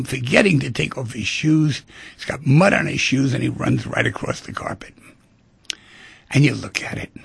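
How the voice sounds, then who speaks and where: Man, radio talk host, middle-aged, husky breathy tone, dry close mic. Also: mid-range voice, dry recording. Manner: conversational, acts out quoted voices. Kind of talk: reflective monologue on relationships.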